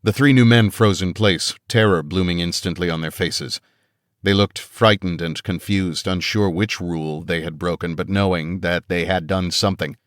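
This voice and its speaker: A man narrating an audiobook in a steady, measured reading style on a close studio mic. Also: deep voice, no room sound. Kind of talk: scripted narration.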